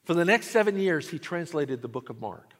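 A man preaching a sermon, telling a story and swinging between hushed lines and emphatic ones. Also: on the high side, sing-song, a little fast. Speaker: pastor. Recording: long reverb of a large hall.

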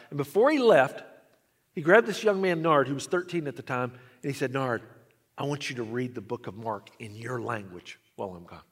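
A man preaching a sermon, telling a story and swinging between hushed lines and emphatic ones. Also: medium pitch. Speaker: pastor. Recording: long reverb of a large hall.

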